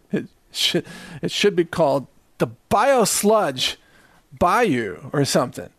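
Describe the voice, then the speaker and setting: Male host, sarcastic ranter, higher register, dead-dry room. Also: big pitch swings, takes it slowly, a bit bright, no echo. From Southern US. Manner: sarcastic, chuckling between jabs. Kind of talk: ranting monologue.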